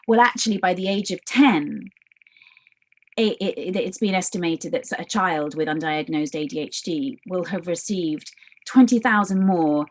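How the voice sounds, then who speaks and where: Animated woman, halting speech. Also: lowish voice, poor audio. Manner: animated, halting with many restarts and fillers. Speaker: guest. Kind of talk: conversational interview.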